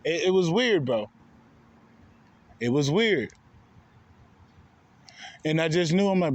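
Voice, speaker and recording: A man's voice: fairly high pitch, animated, takes it slowly, long pauses. A man ranting to his viewers in a heated, profane, repetitive way, calling them bro again and again. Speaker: spiritual vlogger. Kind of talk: casual rant to camera.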